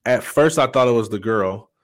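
A middle-aged man speaking as a guest, telling a personal story earnestly and candidly, halting often with fillers. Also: mid-range voice, animated, no room sound. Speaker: podcast guest.

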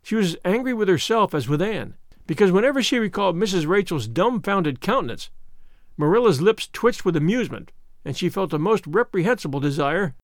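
A man narrating an audiobook in a measured, expressive storytelling manner. His voice is fairly high and animated, recorded close on a dry, dead mic. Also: no echo. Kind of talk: scripted narration.

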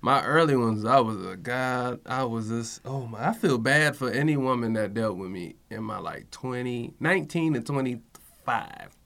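A young man speaks in a mid-pitched, everyday voice. He trades teasing jokes and banter at an easy conversational pace. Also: moderate pace, creaky, fairly bright tone. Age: young adult. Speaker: comedian guest. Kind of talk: casual chat.

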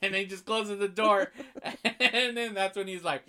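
A man with a bright, forceful voice, sitting slightly high for a man, recaps a movie in loose casual chat. He acts out the characters' lines as he goes and swears freely. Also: moderate pace, a little hiss or hum. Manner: animated storyteller, acts out lines with big jumps in pitch and loudness, swears.

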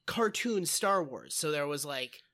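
A man's voice: fairly high pitch, lively intonation, a little slow, bright, forceful tone. A man co-hosting a podcast, telling jokey stories in casual chat, full of "like" and "um". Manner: jokey storyteller, many fillers like "like" and "um". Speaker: podcast co-host. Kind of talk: casual comedic movie chat.

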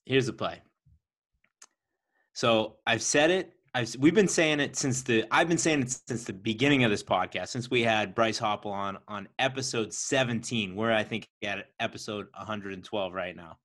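A man co-hosting a sports podcast, making his points with lively repetition. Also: fairly low pitch, moderate pace. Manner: animated, repeats points for emphasis. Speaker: podcast co-host. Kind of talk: casual podcast chat.

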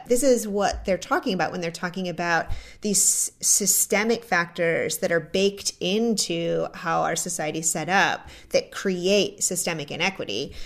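Earnest woman podcast co-host. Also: fairly low pitch. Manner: earnest, articulate explaining. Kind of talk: discussion.

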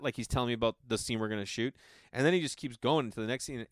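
A man's voice: medium pitch, racing, a bit bright, dry recording, studio quality. A man, an actor, telling a casual anecdote in a rambling way, with a constant filler 'like'.

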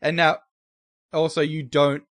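A man's voice: a little high, level tone, measured pace, fairly bright tone, no echo, studio quality. A man narrating a tabletop game as game master, laughing often and restarting his sentences.

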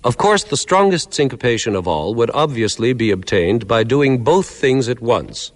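Man, music lecture, measured and clear, animated pitch, echoing hall. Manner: clear, measured explaining, counting out beats. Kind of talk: explanatory lecture with counted demonstrations.

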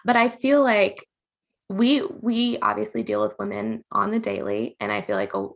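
Gushing, gravelly-voiced woman host. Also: wildly swooping pitch, normal speed. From US South. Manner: gushing, enthusiastic, with big pitch jumps. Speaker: podcast host. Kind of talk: podcast interview.

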